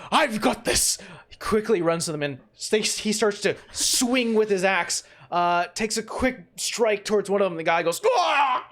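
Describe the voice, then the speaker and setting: A man narrating as game master of a tabletop game, rambling with many fillers and restarts. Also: sits high.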